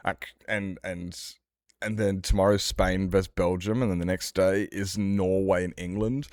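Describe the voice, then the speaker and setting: A man's voice: deep voice, steady tone, moderate pace, darkish tone, no room sound, clean studio sound. A man streaming a game, rambling and joking as he talks back to his chat. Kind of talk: casual livestream chat while gaming.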